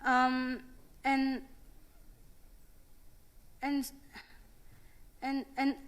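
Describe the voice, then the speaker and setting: A middle-aged woman, a native Thai speaker, giving an unscripted speech at a youth conference, pausing often with fillers and restarts. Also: sits high, completely flat delivery, clean tone. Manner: hesitant, many fillers and restarts.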